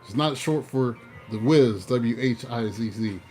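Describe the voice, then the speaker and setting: A man giving a casual tarot reading, playful and animated, breaking into joking mock voices. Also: mid-range voice, unhurried, soft background music. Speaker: tarot reader.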